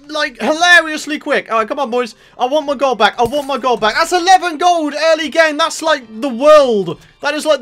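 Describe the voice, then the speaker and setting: A young man giving let's play commentary, excitable and exasperated, ranting with sudden outbursts. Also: extremely high pitch, normal speed, few pauses. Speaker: gaming channel host.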